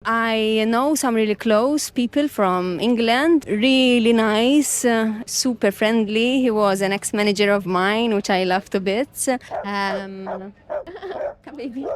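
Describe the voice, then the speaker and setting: A woman's voice: on the high side, measured pace, hardly any pauses. A woman giving a chatty, giggly interview answer.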